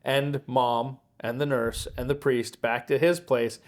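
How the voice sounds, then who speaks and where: A man's voice: mid-range voice, fairly even intonation, a little slow. A man chatting as a guest on a movie podcast, jumping in with quotes and laughing along. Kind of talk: casual movie discussion.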